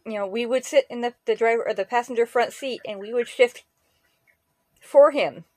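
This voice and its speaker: A woman's voice: fairly high pitch, moderate pace, no echo. A woman co-hosting a podcast, chatting casually, laughing easily and repeating words. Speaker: podcast co-host. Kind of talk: casual chat.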